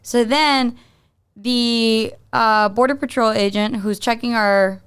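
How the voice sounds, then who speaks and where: Woman, podcast co-host, casual storytelling, smooth clear voice, slightly high. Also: takes it slowly. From Mexican-American. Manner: animated, filler-heavy storytelling, teasing.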